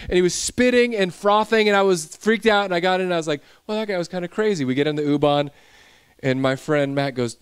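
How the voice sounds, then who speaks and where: A young man delivers a sermon as a pastor, weaving a personal story into his message. His voice sits a little high for a man, and his preaching builds into intense, emphatic delivery. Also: a little fast, clear, resonant tone.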